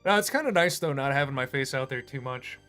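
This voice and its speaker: A man's voice: medium pitch, expressive, fast talker, bright, forceful tone, soft background music. A man who animates online, chatting casually on a livestream in a rambling, self-deprecating way. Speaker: streamer and animator.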